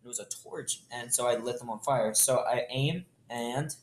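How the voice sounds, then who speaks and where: A young man improvising a story casually, rambling with quick jokes and asides. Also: medium pitch, slight background noise. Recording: roomy echo.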